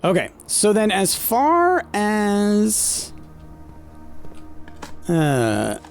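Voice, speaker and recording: A man's voice: high voice, huge pitch swings, very slow, faint music behind. A man casually commenting on his gameplay, thinking aloud with lots of fillers and talking to his chat. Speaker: gameplay streamer. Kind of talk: casual let's-play commentary.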